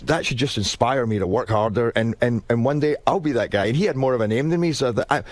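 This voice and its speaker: A Scottish man, an actor guest in a radio interview, telling stories in rapid bursts with frequent restarts. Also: mid-range voice, dry recording. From Scotland. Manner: rapid, animated storytelling with many restarts.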